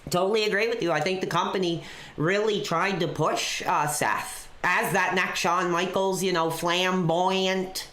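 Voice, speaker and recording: A woman's voice: fairly low pitch, steady tone, unhurried, a bit bright. Woman, live-stream wrestling host, loose rambling delivery, echoey room. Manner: rambling storyteller with constant "you know". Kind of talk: off-the-cuff live-stream chat.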